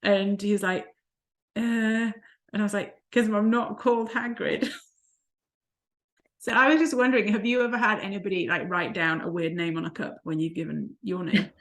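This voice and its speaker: A woman's voice: medium pitch, fairly even intonation, fairly quick, fairly bright tone. A woman, a life coach co-hosting a vlog, telling stories in casual chat and laughing often. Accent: non-American, unplaced. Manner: chatty storyteller who laughs often.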